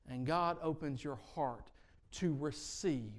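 A man preaching a sermon, retelling stories and building to repeated emphatic lines, his loudness rising and falling. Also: on the high side, slow.

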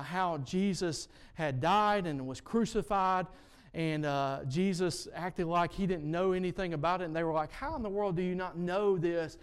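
A man preaching a sermon, retelling stories and building to repeated emphatic lines, his loudness rising and falling. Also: sits high, smooth.

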